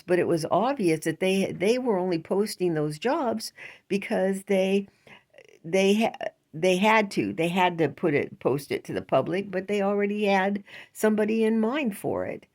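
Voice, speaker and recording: A woman's voice: mid-range voice, expressive, moderate pace, darkish tone. An older woman vlogging in a casual, rambling monologue, indignant and chatty, with frequent laughs.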